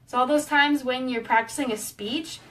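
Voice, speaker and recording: A woman's voice: sits high, steady tone, normal speed, pushed and bright, distant mic. A woman giving a casual, explanatory online lesson as a pet wellness educator, with a few small fillers.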